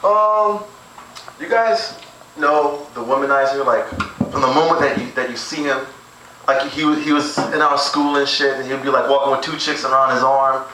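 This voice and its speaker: A man's voice: medium pitch, fairly even intonation, normal speed, background noise. A young man rehearsing crude stand-up jokes at home, rambling and laughing at his own material. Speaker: amateur stand-up comic. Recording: echoey room, far from camera mic.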